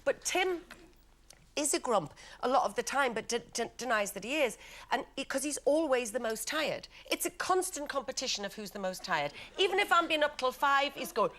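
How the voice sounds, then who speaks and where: A woman's voice: high-pitched, moderate pace. A woman, chatting on a talk panel and telling self-mocking stories about her family. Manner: self-mocking, animated storytelling. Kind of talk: casual chat.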